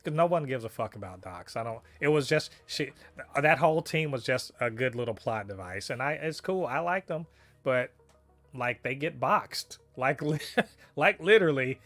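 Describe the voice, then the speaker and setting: A man's voice: medium pitch, expressive, normal speed, fairly bright tone, dry recording, faint music behind. A man co-hosting a casual review podcast, talking animatedly and profanely, laughing often and exclaiming in disbelief. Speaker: podcast co-host reviewing a TV episode.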